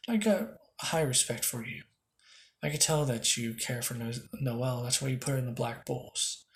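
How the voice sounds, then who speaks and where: Fan-story brief: a man reading a brash young male commoner, earnest and preachy, mid pitch. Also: animated, moderate pace, slight background noise, lightly acted. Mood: respectful. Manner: earnest, lecturing, trailing restarts.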